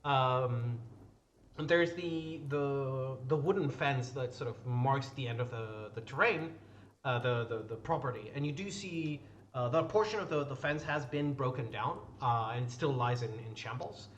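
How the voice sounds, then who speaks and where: A man narrating a tabletop game as game master, in a halting, rambling way. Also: mid-range voice, dull audio, slight background noise.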